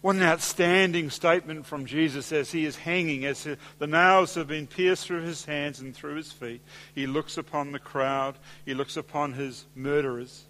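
A pastor preaches from the pulpit in a fairly high voice, measured, steady and deliberate, slowing and softening his phrasing whenever he quotes scripture. A long church-hall reverb hangs on the sound.

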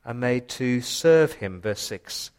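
A man's voice: medium pitch, lively intonation, slow pace, a little mellow, smooth. Passionate male preacher. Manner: passionate preaching, voice rising and dropping for emphasis. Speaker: pastor. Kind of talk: sermon.

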